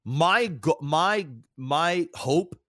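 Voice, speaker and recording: Very slowly, a man in his thirties reflects candidly in casual conversation; he co-hosts a podcast and streams, and his pitch climbs when he gets animated. It's studio-quality audio without any room sound.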